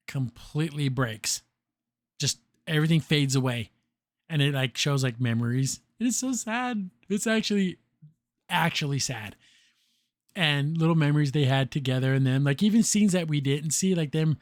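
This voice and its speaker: Excitable man recapping with put-on voices. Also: fairly high pitch, dry recording. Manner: animated, acts out characters' lines in quick put-on voices; filler-heavy, restarts often. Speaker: podcast host reviewing a cartoon. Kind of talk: casual episode recap.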